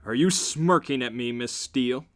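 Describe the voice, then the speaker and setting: A man's voice: medium pitch, moderate pace, close to an everyday voice. A man doing a smug, controlling rich businessman. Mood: teasing.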